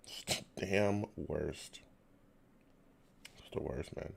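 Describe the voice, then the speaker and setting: A man's voice: very deep voice, slow pace, vocal fry, husky. A man hosting a live fan reaction show, talking casually and sounding exasperated. He sighs, repeats himself and drops to a near whisper. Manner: exasperated, sighing and muttering.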